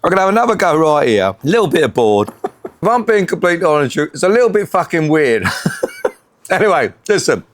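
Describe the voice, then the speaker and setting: A man's voice: on the high side, sing-song, fairly quick. A middle-aged man hosting a casual cooking vlog, joking, laughing often and swearing freely. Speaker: home cooking vlogger.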